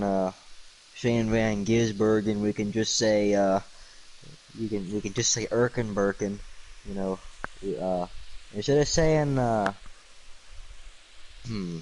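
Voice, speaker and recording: Tired, slow-talking goofy man streaming. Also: fairly low pitch, a little mellow, slight background noise, poor audio. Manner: rambling, goofy wordplay with many ums and uhs. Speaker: livestreamer. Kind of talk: casual late-night stream chat.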